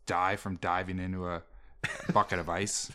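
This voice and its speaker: Low-voiced deadpan male podcast co-host. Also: unhurried, clear, resonant tone. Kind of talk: casual comedic podcast chat.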